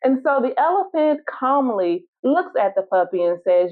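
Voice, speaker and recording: A woman's voice: high voice, sing-song, moderate pace, hardly any pauses. A woman hosting her own solo podcast as a law firm owner, talking casually and encouragingly to listeners and telling stories. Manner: encouraging, storytelling, direct address. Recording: tinny phone-like sound.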